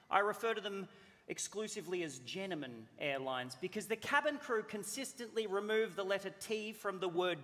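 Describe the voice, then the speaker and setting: A man's voice: high-pitched, bright, forceful tone. A man doing a brash, sweary puppet comic. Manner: brash, sweary, quick storytelling. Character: cheeky foul-mouthed male puppet stand-up comedian. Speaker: stand-up comedian. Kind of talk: stand-up comedy routine. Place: large theatre stage. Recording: echoey theatre with audience.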